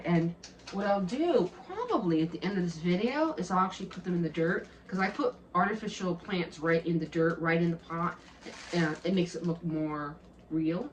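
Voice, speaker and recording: A woman's voice: on the low side, pushed and bright, slight background noise. A middle-aged woman chatting to the camera at home as she films, gushing over her decor and often repeating herself. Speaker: home vlogger. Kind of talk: casual chat to camera. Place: at home, indoors. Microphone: handheld camera.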